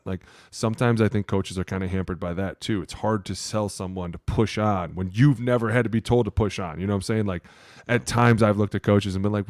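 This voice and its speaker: A man co-hosting a casual sports podcast, telling locker-room stories with lots of swearing and acted-out coach yelling. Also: lowish voice, quick pace, no echo, clean studio sound. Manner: profane, animated storytelling, acting out coaches' yelling. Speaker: podcast co-host, former offensive lineman.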